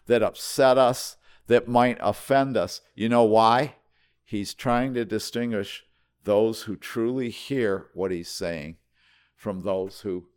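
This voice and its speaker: A pastor preaching a sermon, emphatic, stretching key words and dropping suddenly quiet, often repeating himself as he restarts. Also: fairly low pitch, smooth.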